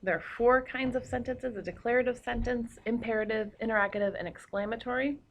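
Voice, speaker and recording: A woman's voice: on the high side, fairly quick, a little hiss or hum. A woman teacher giving a recorded grammar lesson, explaining patiently with a few fillers.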